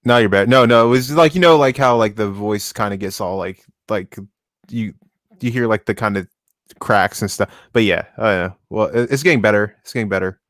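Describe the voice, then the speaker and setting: A man co-hosting a casual discussion stream, talking in a halting way and searching for words mid-sentence. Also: fairly low pitch, fairly bright tone, dry recording, studio quality. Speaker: co-host reading the series.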